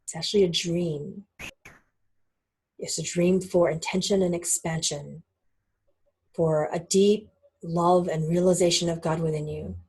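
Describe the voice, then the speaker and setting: A woman talking casually as a spiritual teacher, lively and laughing often, acting out little voices in her stories. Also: on the low side, slightly rough.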